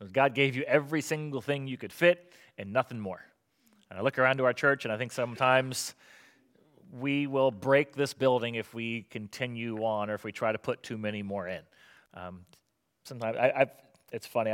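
A middle-aged man preaching a sermon as pastor, conversational and animated, asking the congregation rhetorical questions. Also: mid-range voice.

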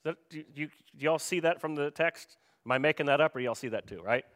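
A man's voice: fairly high pitch, brisk, hardly any pauses, a bit bright. A man preaching a sermon in a conversational way, often turning to ask the congregation questions. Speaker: pastor.

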